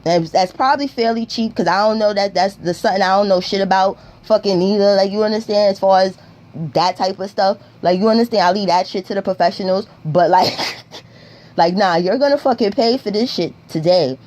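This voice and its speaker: A woman's voice: medium pitch, brisk, a little mellow. A young woman telling a storytime vlog in a blunt, profane, streetwise way. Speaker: vlogger.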